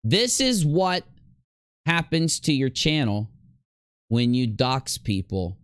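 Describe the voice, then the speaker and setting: A man's voice: mid-range voice, very animated, clear, resonant tone, no echo, studio quality. Emphatic man commenting over clips. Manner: emphatic, rambling, drawn-out stresses. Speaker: YouTube commentator.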